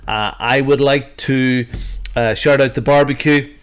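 A man's voice: medium pitch, steady tone, a little slow, smooth. A man hosting a podcast in a casual, jokey way, rambling with plenty of fillers. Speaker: podcast host.

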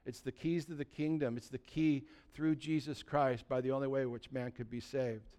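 A man preaching a sermon as pastor, impassioned and rising to loud, emphatic peaks. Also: medium pitch, fairly even intonation, moderate pace.

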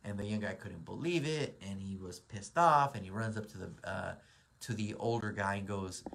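Low-voiced man giving a rambling pep talk. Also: normal speed, vocal fry, a bit bright. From Southern California. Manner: rambling, many ums and restarts. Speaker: real estate broker and coach. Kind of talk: casual motivational talk to camera.

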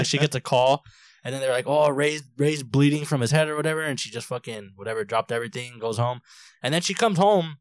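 A man's voice: mid-range voice, fairly bright tone, no echo. A young man in his twenties tells a long story on a podcast, rambling, laughing and swearing as he goes. His voice sits in an ordinary middle range. The sound is dry, from a close mic with no room in it. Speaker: podcast co-host. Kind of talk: casual chat.

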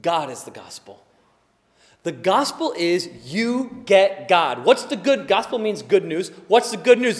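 A man preaching a sermon, emphatic, swinging between quiet explanation and loud exclaiming. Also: sits high, very animated, measured pace. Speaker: pastor. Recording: long hall reverb.

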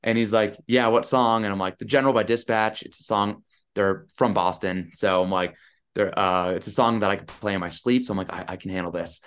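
A man in his thirties, a podcast guest telling a story in a chatty, animated way over a video call. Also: fairly low pitch, a little fast, smooth. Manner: animated, chatty, lots of "I'm like". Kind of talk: casual storytelling.

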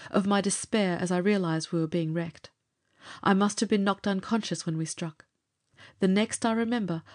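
A woman narrating a pulp adventure story for an audiobook in a measured, steady way. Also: lowish voice.

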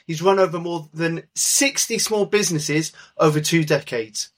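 A man's voice: fairly high pitch, a bit bright. A man hosting a podcast interview, introducing his guest in a playful, upbeat way. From England. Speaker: podcast host.

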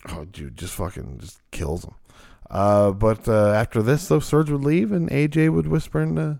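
Low gravelly guy rambling on a podcast, dry close sound, swears a lot. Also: normal speed, darkish tone, dry recording. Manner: rambling, loose, swears freely. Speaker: podcast co-host. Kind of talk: casual chat.

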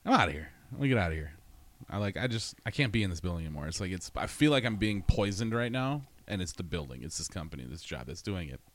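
Low-voiced man ranting profanely. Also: very animated, fast talker. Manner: ranting, profane, laughs often. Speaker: storyteller. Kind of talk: casual profane monologue.

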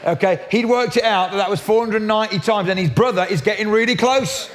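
A man preaching a sermon in a lively, jokey way, often restarting his sentences. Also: sits high, brisk. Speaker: pastor.

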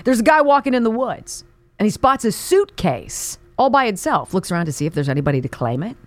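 A woman's voice: mid-range voice, very animated, fairly quick, no echo. A woman radio host reading listener jokes cold on air, laughing often and stumbling over the lines. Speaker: radio talk show host.

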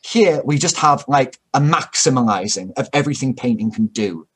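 A man's voice: mid-range voice, lively intonation, moderate pace, fairly bright tone, husky. A man talking at length in a casual, opinionated way, full of fillers and restarts and the odd swear word. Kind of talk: casual discussion.

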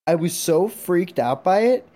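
A man's voice: high voice, animated, a little slow, mellow. Rambling young male podcast host. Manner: rambling, many fillers and restarts. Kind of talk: casual storytelling.

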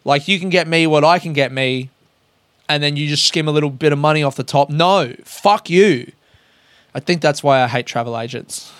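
A man's voice: on the high side, fairly even intonation, a little fast, a bit bright, no room sound. Profane man ranting, dry sound. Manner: profane, blunt, self-aware. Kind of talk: casual ranting monologue.

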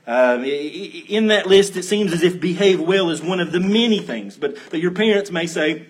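A man preaching a sermon as pastor, earnest and emphatic, slowing down to stress key phrases. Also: sits high, expressive.

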